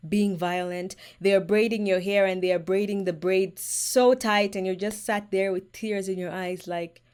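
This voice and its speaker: A woman talks straight to her viewers in a hair care vlog. Her voice sits at an ordinary pitch, and she speaks frankly and with emphasis as she hands out advice. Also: fairly even intonation, moderate pace, darkish tone, smooth. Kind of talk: direct-to-camera advice vlog.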